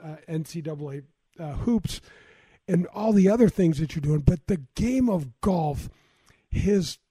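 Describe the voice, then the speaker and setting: A man's voice: fairly high pitch, animated, measured pace, dark tone, breathy edge, dry recording. A man in his sixties, an interview guest, telling reflective stories with many false starts. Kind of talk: conversational interview.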